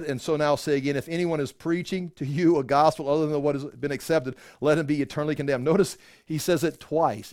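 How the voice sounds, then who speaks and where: A man preaches through scripture in an animated, expository way, reading passages aloud and then explaining them. He sometimes slips into mock voices to drive a point home. His voice sits a little high, and the sound is dry and close with no room echo. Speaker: pastor. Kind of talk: sermon.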